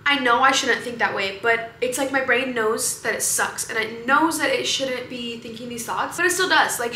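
A woman's voice: high voice, bright, forceful tone, a little hiss or hum, poor audio. A teenage woman vlogging in a chatty, rambling, candid way, often venting and filling her talk with "like". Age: late teens. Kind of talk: casual vlog chat.

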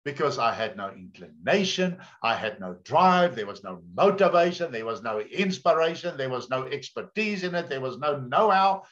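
A man's voice: medium pitch, big pitch swings, normal speed, few pauses, fairly bright tone. Guy preaching, talks like he's telling stories, kinda dull recording. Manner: conversational storytelling preacher, repeats words. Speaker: pastor. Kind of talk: sermon. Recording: dull lo-fi sound.

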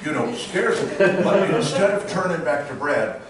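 A man on a convention panel telling animated stories, breaking into celebrity impressions. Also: on the high side, normal speed, crowd noise. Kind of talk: casual storytelling. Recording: echoey hall from far off.

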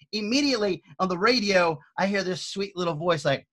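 Animated, bright-voiced man telling a story. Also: sits high, a little fast, hardly any pauses. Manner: lively, acts out quotes in shifting voices. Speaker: on-field emcee.

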